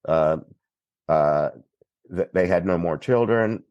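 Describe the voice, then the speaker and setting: A man from Texas, a priest guest on a podcast, telling a story in an unhurried, plainspoken way. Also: deep voice, a little mellow, no room sound, highs cut off. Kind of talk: recounting a story in conversation.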